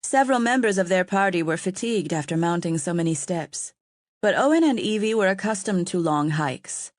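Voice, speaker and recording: A woman reads an audiobook in a calm, even way. Her voice sits a little low, and the recording is dry and close. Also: fairly quick, no room sound. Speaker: audiobook narrator. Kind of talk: scripted narration.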